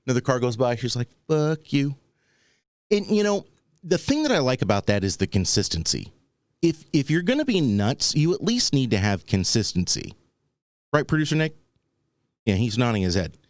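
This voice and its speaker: A man's voice: mid-range voice, sing-song, fairly quick, dry recording. A man hosting a talk show, telling a rambling, wry story and acting out the people he quotes. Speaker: podcast host. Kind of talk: casual comedic storytelling.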